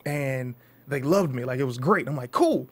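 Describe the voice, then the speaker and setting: A man's voice: medium pitch, animated, moderate pace. A man in his twenties from Detroit, a comedian telling stories in a casual interview and acting out the voices of the people in them. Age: 20s. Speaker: comedian guest.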